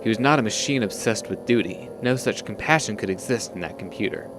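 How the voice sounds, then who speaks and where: A man reading out a hardened woman bounty hunter's inner thoughts in a quiet, measured way. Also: fairly low pitch, faint music behind, natural voice, rough recording. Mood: reflective. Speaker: reading game dialogue aloud.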